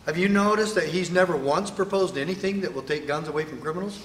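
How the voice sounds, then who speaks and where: Emphatic male speaker, highish and forceful, rhetorical and fiery, hall echo. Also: fast talker, far from the mic, a little hiss or hum. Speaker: speaker at a sheriffs' event. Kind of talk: political speech. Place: event hall with audience. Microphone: microphone, sometimes stepping away. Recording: echoey hall.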